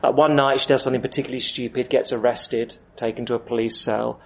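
A man preaching through a Bible passage, with quick asides and acted-out voices. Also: mid-range voice, fairly even intonation, creaky. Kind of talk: expository sermon with Bible reading. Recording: dull lo-fi sound.

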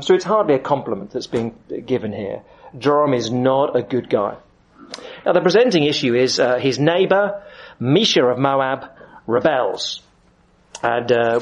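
A man preaching through a Bible passage, with quick asides and acted-out voices. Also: mid-range voice, expressive. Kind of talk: expository sermon with Bible reading. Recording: dull lo-fi sound.

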